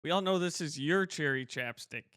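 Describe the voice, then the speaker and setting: A man's voice: a little high, a bit bright, clean tone, no room sound, clean studio sound. A young man co-hosting a comedy podcast, teasing his co-host in casual chat. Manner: teasing, quick to laugh.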